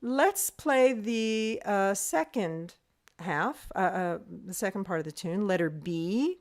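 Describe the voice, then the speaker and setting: Woman music teacher, slow and unhurried, sings rhythms aloud, thoughtful pauses. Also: mid-range voice, animated. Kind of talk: online music lesson.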